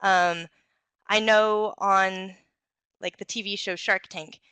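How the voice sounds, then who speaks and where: A young woman giving an instructional talk on communication skills, clear and encouraging, with occasional fillers. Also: medium pitch, fairly even intonation, takes it slowly, pushed and bright, no room sound.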